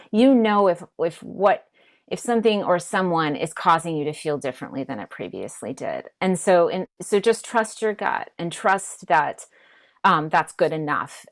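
A woman with a low voice speaks as a therapist guest on a talk show. Her advice comes gently, and she often repeats words while she gathers her thoughts.

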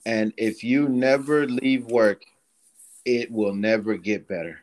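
A man co-hosting a casual podcast chat, explaining his points in a slow, measured way. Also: mid-range voice, darkish tone. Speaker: podcast co-host, submariner.

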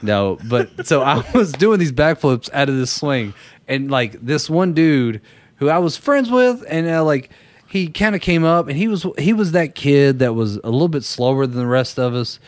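Animated, laughing young man storyteller. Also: on the high side, moderate pace, dry recording. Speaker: podcast host. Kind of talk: casual chat.

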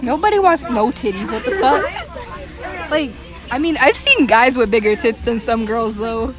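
A woman's voice: fairly high pitch, normal speed, over music, crowd noise. A teenage girl on a bus telling a rambling, profane story in casual chat as a student podcast co-host.

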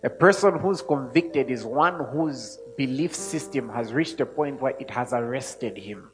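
A man preaching a sermon to a congregation, speaking emphatically and rising to loud peaks when he reads scripture. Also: medium pitch, unhurried. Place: church hall. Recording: long hall reverb with faint music.

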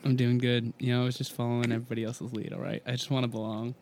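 A man's voice: mid-range voice, flat delivery, racing, darkish tone, slight background noise. A man appearing as a podcast guest, joking in a sheepish way. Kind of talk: casual chat.

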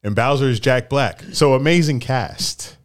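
A man's voice: mid-range voice, moderate pace, dry recording, studio quality. A man co-hosting a casual chat podcast, talking animatedly and laughing through his impressions. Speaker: podcast co-host.

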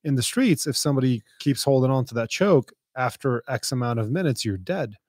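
Relaxed male podcast host, dry sound. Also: medium pitch, fairly quick, no echo. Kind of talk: casual interview chat.

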